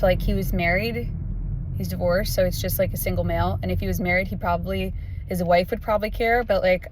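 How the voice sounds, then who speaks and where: A woman's voice: fairly low pitch, noisy background. Chatty woman designer vlogging a renovation. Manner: chatty, upbeat, loose with fillers. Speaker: interior designer. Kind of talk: casual vlog narration. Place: house under renovation, indoors.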